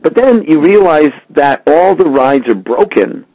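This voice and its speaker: A man teaching a Torah class, answering a question with lively storytelling. His voice comes through muffled and lo-fi, with a flat, dry sound and no room around it. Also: fairly high pitch, a little slow, dry recording. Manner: animated storyteller who acts out little scenes.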